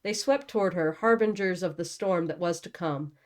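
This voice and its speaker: A woman's voice: lowish voice, moderate pace. A young woman reading a novel aloud and breaking off for casual, joking commentary. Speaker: book channel host.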